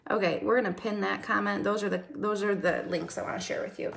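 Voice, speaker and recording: Chatty woman with a gravelly voice. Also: mid-range voice, fast talker, hardly any pauses, fairly bright tone, echoey room. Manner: chatty, greets viewers by name. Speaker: makeup livestream host. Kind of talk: casual livestream chat.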